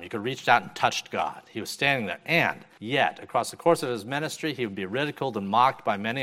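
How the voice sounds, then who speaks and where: A man, a Baptist pastor, preaching a sermon with rhetorical questions, rising emphasis and quiet drops. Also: mid-range voice. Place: church.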